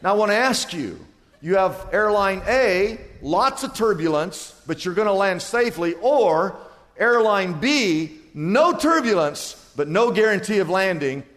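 Male pastor, sermon delivery, dynamic with sudden high loud peaks, reverberant sanctuary sound. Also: lively intonation, normal speed. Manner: acts out little dialogues for illustration.

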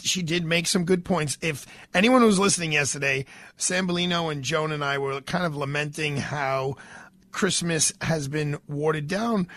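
A man's voice: fairly high pitch, a bit bright, no echo. A man with a New York accent hosting a radio talk show, stuffed up with a cold, rambling and stammering with many fillers.

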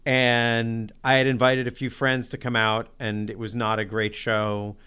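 A man casually telling a personal story about being a musician, in an excitable, self-deprecating way with lots of "like". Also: medium pitch, a little slow, smooth.

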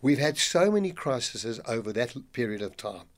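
An older man speaking as a financial adviser guest in a radio studio, animated, laughing easily and leaning on fillers like "look, you know". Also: mid-range voice, moderate pace. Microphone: studio microphone.

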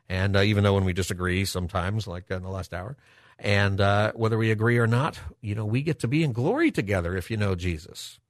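A man hosting a Christian talk radio show, speaking in a relaxed, conversational way with many filler words. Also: lowish voice, no room sound, studio quality. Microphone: studio microphone.

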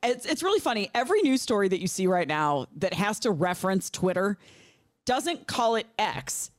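A woman's voice: medium pitch, big pitch swings, moderate pace, no echo, clean studio sound. A woman co-hosting a radio talk show, chatting in an amused, teasing way. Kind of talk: casual radio chat.

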